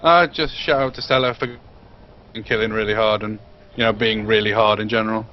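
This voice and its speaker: Fast, dry-joking man over voice chat. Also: lowish voice, fairly even intonation, highs cut off, slight background noise. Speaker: player interviewed after a match. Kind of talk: casual post-game interview.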